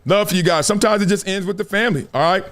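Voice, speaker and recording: Animated middle-aged man hosting a live stream. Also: sits high, rapid-fire. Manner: animated storyteller, slangy and warm toward viewers. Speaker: show host. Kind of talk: casual live-stream chat.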